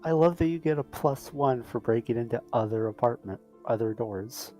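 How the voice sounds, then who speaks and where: A man's voice: mid-range voice, moderate pace, dark tone, faint music behind. A man chatting casually during a game stream, dropping in dry jokes. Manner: dry, joking interjections. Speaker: friend watching the stream. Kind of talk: casual chat.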